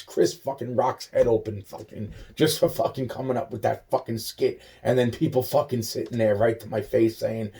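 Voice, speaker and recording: A man's voice: medium pitch, dark tone. A young man in a rambling, agitated rant, swearing constantly, repeating himself and trailing off into muttered asides. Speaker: monologue speaker.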